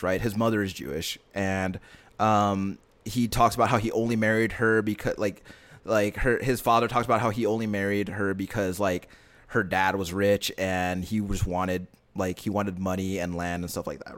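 Rambling, earnest man with a lowish voice. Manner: rambling, filler-heavy retelling with many restarts; earnest and emotionally invested. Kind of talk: casual chat.

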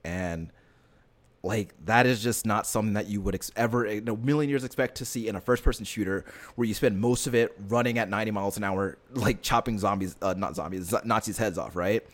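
A man's voice: on the low side, fairly quick. A man in casual chat, retelling a story earnestly in a rambling way with lots of fillers and restarts. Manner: earnest and emotionally invested.

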